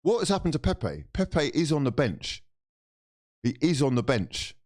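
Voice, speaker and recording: A young man, ranting in exasperation and swearing as a football fan reacting to a loss, swinging between shouting and muttering. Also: on the high side, sing-song, measured pace. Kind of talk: angry fan reaction rant.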